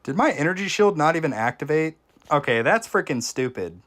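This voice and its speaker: A man's voice: on the high side, a little fast. Casual man commentating his gameplay. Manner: casual, reacts excitedly to the game, chats with viewers. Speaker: game streamer.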